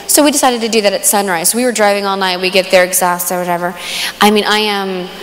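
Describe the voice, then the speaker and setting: A young woman giving a conference talk, telling a personal story with animated, excited storytelling. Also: mid-range voice, fast talker. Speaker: conference speaker. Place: large hall. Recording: live hall with long reverb.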